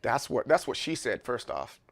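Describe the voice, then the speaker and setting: A man's voice: medium pitch, very animated, moderate pace, gravelly. A man streaming live in casual chat, rambling and joking, often repeating words. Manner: joking, playful.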